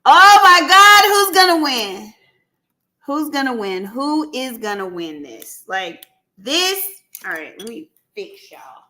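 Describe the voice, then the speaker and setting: A woman hosting a live stream in a casual, chatty way. She keeps talking to her viewers as y'all and breaks into excited shouts and laughs. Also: high voice, takes it slowly. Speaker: livestream host running a giveaway. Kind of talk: casual livestream chat with viewers. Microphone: computer mic on a live stream.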